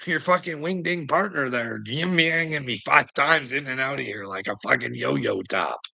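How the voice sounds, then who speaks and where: Addressing his livestream audience, a man goes on a profane, meandering rant, repeatedly stopping to laugh. His mid-range voice is gravelly and husky with a tense, forceful edge, delivered at a moderate pace.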